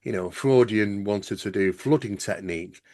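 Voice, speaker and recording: A man hosting a casual podcast conversation, explaining ideas in a relaxed way and often saying "you know". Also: lowish voice, moderate pace, no echo, studio quality. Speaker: host.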